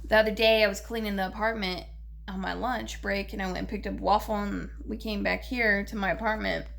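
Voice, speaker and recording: A young woman, talking in a personal vlog about her grief, halting and repeating herself, short on sleep. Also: medium pitch, fairly even intonation, creaky, a bit bright, slight background noise. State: grieving, lacking sleep. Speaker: vlogger.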